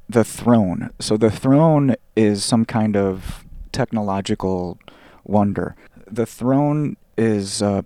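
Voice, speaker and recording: Podcast host, male, low gravelly voice, loose rambling delivery, dry close sound. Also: a little mellow, no echo. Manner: rambling, full of "like" fillers, reads passages aloud. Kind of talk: casual podcast commentary.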